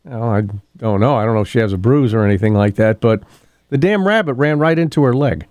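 A man's voice: medium pitch, expressive, fairly quick, a little mellow, no echo. A middle-aged man hosting a local radio show, chatting casually, often chuckling and losing his place in his notes. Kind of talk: casual morning radio talk. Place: radio studio.

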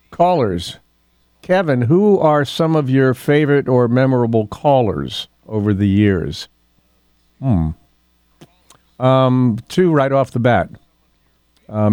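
An older man hosting a local radio talk show, rambling in a folksy way with ums and frequent throat clearing. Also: mid-range voice, dark tone, dry recording, studio quality. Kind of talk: casual talk radio monologue. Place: radio studio.

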